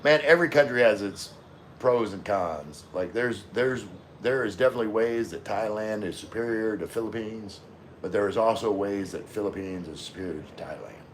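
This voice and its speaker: A man's voice: on the low side, moderate pace, a little hiss or hum. Laid-back man reading live chat. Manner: laid-back, answers viewer comments with frequent fillers. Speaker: livestream host reading chat. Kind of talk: casual livestream chat.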